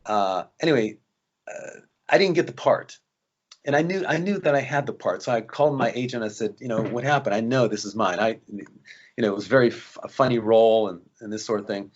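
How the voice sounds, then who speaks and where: An actor guest in a casual interview tells anecdotes animatedly, acting out the voices of the people he quotes. His voice is medium-pitched and a little fast, and the recording sounds muffled.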